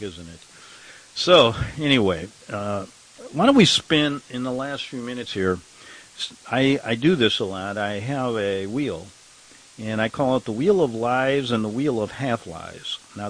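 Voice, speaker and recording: A man's voice: mid-range voice, a bit bright, poor audio. An older man hosting a talk radio show, rambling and sarcastic, chuckling at his own remarks and fighting a slight cough. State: has a cough.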